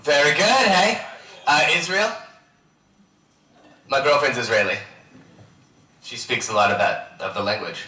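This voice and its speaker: A man on a convention panel, teasing the audience in lively banter. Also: medium pitch, unhurried, long pauses, a little hiss or hum. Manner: boisterous, teasing. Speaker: guest actor on a convention panel. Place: large convention hall. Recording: roomy hall, distant mic.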